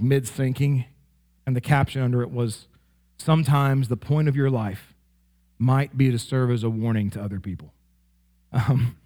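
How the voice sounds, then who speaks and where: A medium-pitched man preaches as a pastor in a conversational, animated way, often tossing in "right?" to check in with the congregation. His voice rises sharply during playful examples.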